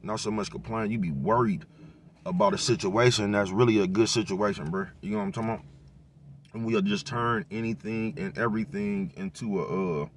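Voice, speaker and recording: With a bit of background noise behind him, a low-voiced man hands out life advice as a vlogger. His casual motivational talk is easygoing, full of cursing street slang and repeated "you know what I'm talking about."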